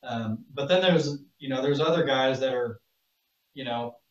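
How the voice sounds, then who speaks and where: A man speaking as a guest on a casual podcast, halting and hesitant with many fillers. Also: medium pitch. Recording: roomy, distant, dull mic.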